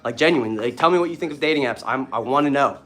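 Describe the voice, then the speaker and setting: A man's voice: medium pitch, very fast, a bit bright. A young man talking casually and with swearing in a vlog while doing push-ups, a bit out of breath. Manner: casual, profane, talks between push-ups. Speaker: dating coach.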